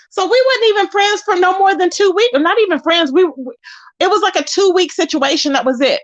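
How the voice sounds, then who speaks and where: Sassy woman talking her mess to the viewers, high voice that swings all over, kinda dull lo-fi sound. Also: lively intonation, normal speed, a bit bright. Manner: sassy, emphatic, addresses viewers as y'all. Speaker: YouTube commentary host. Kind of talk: casual drama commentary chat.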